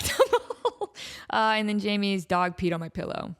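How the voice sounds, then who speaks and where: A woman in her thirties hosting a podcast, telling a story in an animated, chatty way with lots of likes and ums. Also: medium pitch, moderate pace, clean tone. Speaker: podcast host. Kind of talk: casual storytelling.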